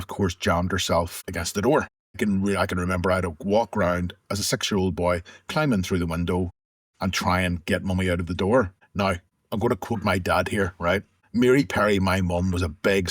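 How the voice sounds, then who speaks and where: A middle-aged man speaks in a low, slightly husky voice, recalling his past in a candid, conversational way and often restarting his sentences. The recording is close and dry, with little room sound around him. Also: fairly even intonation, a little fast, no echo. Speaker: interview guest. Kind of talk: candid personal storytelling.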